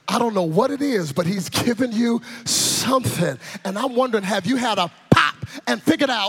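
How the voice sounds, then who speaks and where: A man preaching a sermon, telling a childhood story and then shouting and calling the congregation to answer back. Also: high voice, moderate pace, few pauses, slightly rough. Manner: animated, shouting and call-and-response with the crowd. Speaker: pastor.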